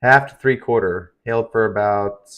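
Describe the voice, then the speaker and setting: A man with a somewhat low voice hosts a live stream covering severe storms. He sounds tired and talks loosely, wandering through his points with plenty of ums and restarts. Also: normal speed, lo-fi sound. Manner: rambling, filler-heavy, conversational. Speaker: livestream weather host.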